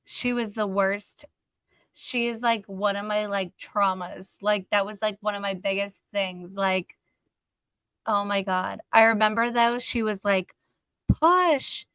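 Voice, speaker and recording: Young woman guest, smooth clear voice, dry close sound, blunt and profane storyteller. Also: medium pitch, flat delivery, unhurried, a bit bright, no echo. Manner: blunt, swears freely, acts out quotes. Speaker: guest telling her story. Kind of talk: casual interview chat.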